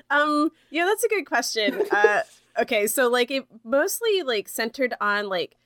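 A woman's voice: on the high side, sing-song, unhurried, fairly bright tone, no room sound. Rambling young woman, dry close sound. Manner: rambling, heavy use of "like", frequent laughs. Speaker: podcast co-host. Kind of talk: casual chat.

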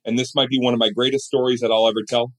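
A middle-aged man talks fast at medium pitch while guesting on a storytelling interview. He's an energetic narrator who acts out how others in his stories sounded.

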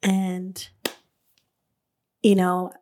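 A woman hosting a podcast, telling her own story in a casual, animated way. She fills her talk with "like", laughs often and swears freely. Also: on the low side, extremely slow, noisy background. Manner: chatty and animated, many "like" fillers, laughs. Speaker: podcast host and beauty business owner.

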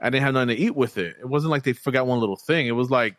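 A young man, chatting casually and swearing freely as he rambles through a story. He plays out the people he quotes, and his voice sits at a middling pitch. The sound is dry and close, with no room echo. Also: very fast. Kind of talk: casual chat.

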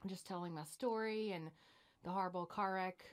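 A woman's voice: lowish voice, a little fast, crowd noise. A woman, a singer, chatting as a podcast guest and laughing often. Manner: giggly, friendly. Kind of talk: casual interview chat. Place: podcast studio.

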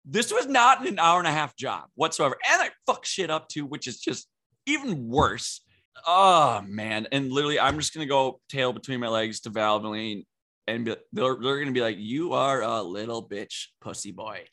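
A young man talks with a bright, forceful tone, worked up and swearing as he rants to his co-host. His delivery is loose and conversational, jumping between gripes with quick restarts. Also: mid-range voice. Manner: animated, swearing, ranting. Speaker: podcast co-host. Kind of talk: casual chat.

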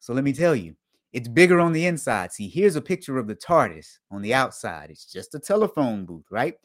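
Animated man hosting a casual talk. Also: a little fast. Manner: dry humor, repeats his points for emphasis; animated, jumps up in pitch and volume for emphasis. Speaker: host of an online show for auditors. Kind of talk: casual live-stream talk.

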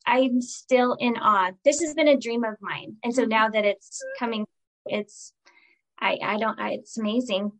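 A woman in her forties, a guest on a casual podcast interview, talking earnestly and emotionally with halting restarts. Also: on the high side, low-quality recording. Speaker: guest, virtual assistant.

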